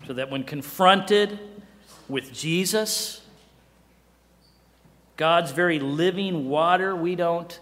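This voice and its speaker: Middle-aged male pastor with a fairly high voice, preaching conversationally with quiet drops for emphasis, in a church hall with a long echo. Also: slow pace, pauses often. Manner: asks the listeners rhetorical questions. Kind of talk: sermon.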